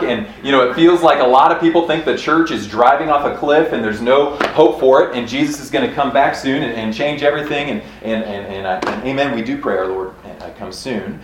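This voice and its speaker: A man's voice: mid-range voice, a little fast, hardly any pauses, a little hiss or hum. Earnest chatty man in an echoey room. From Kansas, USA. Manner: chatty, earnest, laughs often, many restarts. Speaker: church speaker teaching on revival history. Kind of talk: casual church talk to a small group. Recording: roomy echo, faint room ambience.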